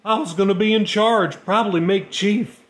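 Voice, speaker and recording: A man's voice: high-pitched, moderate pace, fairly bright tone, voice pushed up. A man voicing a demoted navy sailor who speaks plainly and shakily with regret in a storybook reading. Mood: resigned. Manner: plain-spoken, slangy, shaky with regret. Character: remorseful demoted male navy sailor, gruff.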